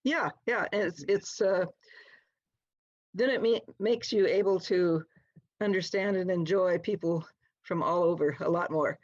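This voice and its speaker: A woman's voice: fairly low pitch, unhurried, a little mellow. An older American woman, an English teacher, answering interview questions in a friendly, explanatory way. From United States. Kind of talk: relaxed conversational answers. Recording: dull, muffled lo-fi audio.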